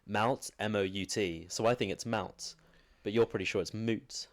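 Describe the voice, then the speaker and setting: A deep-voiced man hosts a podcast in a relaxed, jokey manner. He chimes in often to agree and keeps things light. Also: normal speed. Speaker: podcast host. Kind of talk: casual chat.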